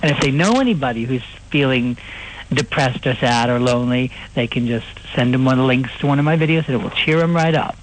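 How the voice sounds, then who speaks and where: A man guesting on a radio interview, playful and quick with joking asides. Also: mid-range voice, slight background noise, low-quality recording.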